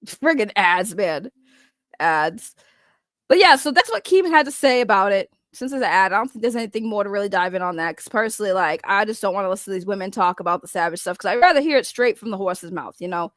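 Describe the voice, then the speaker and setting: A woman's voice: mid-range voice, expressive, fast, dry recording, studio quality. A young woman host rambling through casual reaction commentary, chatty and swearing freely.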